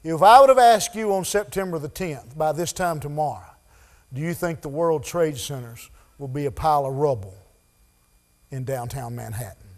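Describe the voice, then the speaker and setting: A man preaching a sermon in a church, building from quiet talk to loud, high-pitched preaching. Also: normal speed. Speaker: pastor.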